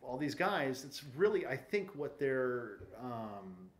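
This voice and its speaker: A man's voice: mid-range voice, sing-song, slow. A man, a screenwriter and director, talking thoughtfully as a podcast guest, searching for words and restarting his sentences. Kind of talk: conversational interview.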